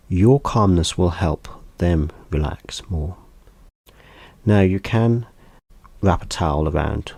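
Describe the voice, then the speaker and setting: A man teaching a gentle hand massage, speaking in a soft, unhurried, calm instructional way. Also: deep voice, dry recording.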